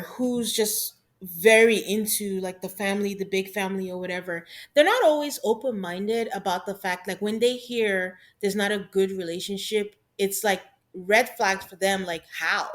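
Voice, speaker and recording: A woman's voice: mid-range voice, measured pace. A woman co-hosting a podcast, chatting casually through a reality-show recap and laughing often. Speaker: podcast co-host.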